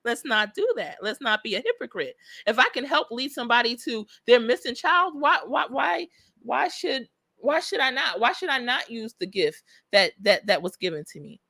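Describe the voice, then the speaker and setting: A woman hosting a casual livestream who reads viewer comments aloud and chats in an animated, excitable way. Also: on the high side, normal speed, vocal fry, no echo, studio quality. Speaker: psychic livestream host.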